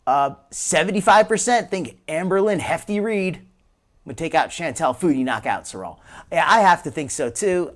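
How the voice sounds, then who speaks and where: A man hosting a live stream, chatting casually and rambling with frequent restarts and chuckles. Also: on the high side.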